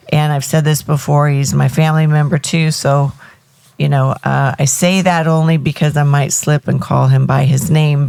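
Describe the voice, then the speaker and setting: A woman hosting a faith podcast, talking in a halting, casual way with many ums and restarts. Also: low-pitched, gravelly, darkish tone, clean tone, dry recording. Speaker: podcast host. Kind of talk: casual conversational podcast intro.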